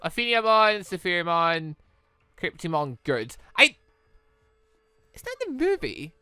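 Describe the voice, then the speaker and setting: A man's voice: high-pitched, wildly swooping pitch, measured pace, sharp tone, smooth, dry recording. A man giving exasperated let's-play commentary, swearing often and talking back to the game. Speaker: gaming YouTuber.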